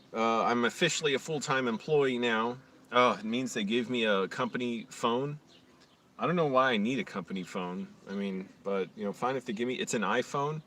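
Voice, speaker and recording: A man's voice: medium pitch, a bit bright, far from the mic. A young man rants on a live stream at home, rambling and swearing, and he slips into sarcastic mock voices now and then. He sits a little back from the mic. A faint hiss of background noise runs under his voice. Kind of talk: casual ranting monologue.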